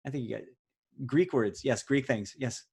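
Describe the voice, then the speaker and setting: A man's voice: medium pitch, normal speed, vocal fry, darkish tone, slightly rough. A man hosting a live online word quiz over a video call, chatty and teasing as he jokes with the players. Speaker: quiz host. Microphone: video call audio.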